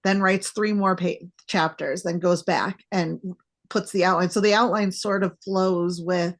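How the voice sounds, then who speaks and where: A woman podcast host chatting casually with a guest, animated when she acts out her own reactions. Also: lowish voice, a little slow. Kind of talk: casual interview chat.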